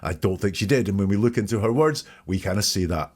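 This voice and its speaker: A man's voice: lowish voice, fast, a little mellow. A man hosting a podcast, methodically picking apart the wording in another person's statements. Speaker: podcast host. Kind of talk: analytical commentary.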